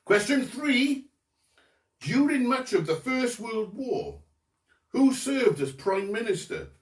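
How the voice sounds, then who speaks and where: A man's voice: very high voice, sing-song, slow pace. A man hosting a home quiz, reading each question twice with jokey asides. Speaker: quiz host. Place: home during lockdown. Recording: roomy, mic set at a distance.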